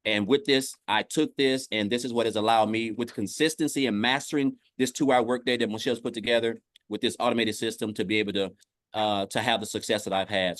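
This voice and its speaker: A man's voice: mid-range voice, no echo, clean studio sound. A man from Tennessee, speaking as a guest on a livestream video call in an upbeat, casual testimonial style. He keeps saying "guys" and often restarts his phrases. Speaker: guest on an online business livestream.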